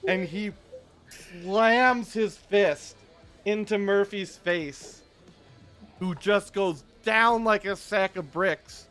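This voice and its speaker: A man running a tabletop game as dungeon master, narrating with animated, shouty energy. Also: high-pitched, slow pace, soft background music.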